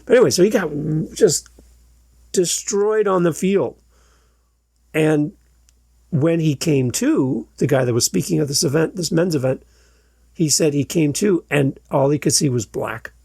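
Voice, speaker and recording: Podcast host, male, gravelly and husky, higher-pitched, animated storyteller, dry close mic. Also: a little slow, no room sound. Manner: animated storyteller, acts out quoted shouts. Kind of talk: storytelling monologue.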